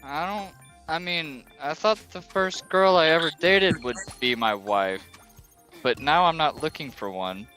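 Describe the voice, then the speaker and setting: Bright-voiced rambling male streamer. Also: on the high side, unhurried, soft background music. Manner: rambling storyteller who acts out quotes. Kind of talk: casual chat while gaming.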